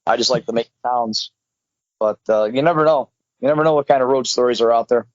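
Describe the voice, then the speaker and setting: A man who is a wrestling agent and manager, answering an interview in a relaxed, offhand way. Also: mid-range voice, brisk, no echo. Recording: dull, lo-fi line.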